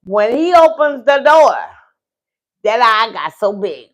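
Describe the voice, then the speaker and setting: A woman's voice: on the high side, lively intonation, slow. A woman host telling a story on a livestream in a casual, chatty way, often asking "you know what I'm saying".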